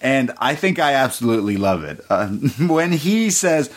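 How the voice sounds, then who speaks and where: A young man hosts a casual wrestling podcast, retelling the week's show with frequent laughter. He acts out quotes in animated bursts, and his pitch sits in an everyday middle range. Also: moderate pace. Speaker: podcast host. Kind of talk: casual wrestling recap chat.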